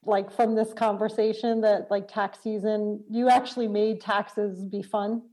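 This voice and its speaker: A woman's voice: mid-range voice, level tone, unhurried, mellow, poor audio. A woman hosting a casual interview, asking friendly questions and often saying "like". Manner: friendly, uses frequent "like" fillers. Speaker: interviewer, host.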